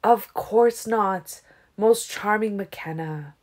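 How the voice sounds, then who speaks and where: A smooth, ancient vampire leader, read by a woman narrator in an audiobook. He speaks with a falsely gentle, tolerant politeness, lifting his voice a little above the plain narration. Every word is measured and courteous. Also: medium pitch, very animated, voice pushed up. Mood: smooth, condescending. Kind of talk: audiobook character reading.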